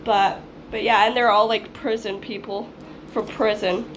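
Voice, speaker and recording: A woman in her twenties who grew up in Hawaii tells a wandering personal story in a casual vlog, with a mid-range, flat voice at a measured pace. She swears freely and acts out lines she once said. There's a little hiss or hum on the recording.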